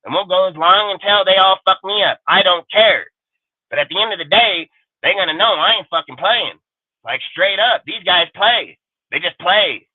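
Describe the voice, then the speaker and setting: Man, sports talk host, heated profane rant, high voice, aggressive boasting, tinny phone-like sound. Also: lively intonation, breathy edge, no room sound. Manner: aggressive, profane, boastful, rapid-fire insults. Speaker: show host.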